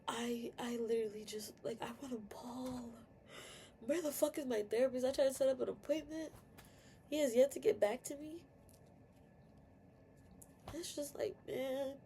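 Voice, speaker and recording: A young woman, her voice sitting a little high, talks candidly and swears freely, packing her speech with fillers. A faint hiss of background noise runs under her. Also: vocal fry, a little mellow. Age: young adult. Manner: candid, swearing, many fillers, tearful at times. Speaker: vlogger. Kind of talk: emotional personal rant.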